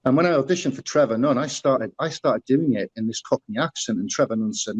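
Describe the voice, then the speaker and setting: Brisk and barely pausing, a middle-aged Teesside man from England's northeast rambles through stories as a casual interview guest, restarting often and leaning on fillers. A former musical performer, he has a mid-range, breathy-edged voice, and the audio is poor.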